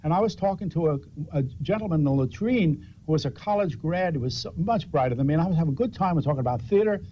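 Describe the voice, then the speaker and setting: A man's voice: fairly high pitch, lively intonation, fast. An older man, a talk show guest, telling self-mocking, wry anecdotes. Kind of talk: storytelling in a TV talk show interview. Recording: dull lo-fi TV audio with faint hiss.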